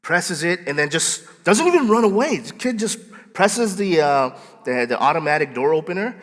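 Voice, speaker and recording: A male pastor preaching a sermon, telling stories in a playful, animated way and acting out scenes. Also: fairly high pitch, normal speed, in a large hall. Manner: playful, animated storyteller who acts out scenes. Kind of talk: sermon with storytelling. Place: church sanctuary.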